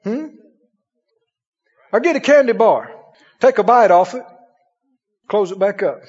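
A man's voice: sits high, animated, measured pace, darkish tone, slightly rough. A man preaching a sermon, chuckling often and asking the congregation questions. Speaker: pastor. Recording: dull, lo-fi sound in a reverberant hall.

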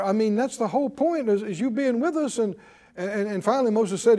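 A man's voice: high-pitched, brisk. A man preaching a sermon, asking the congregation questions and acting out everyday complaints. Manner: animated, rhetorical questions and acted-out complaining.

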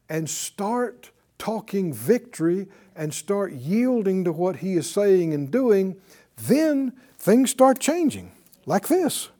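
Bible teacher on a broadcast, slow deliberate pace, warm mellow voice, swings up and down a lot, keeps asking the crowd stuff. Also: medium pitch. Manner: animated and conversational, asks the audience questions.

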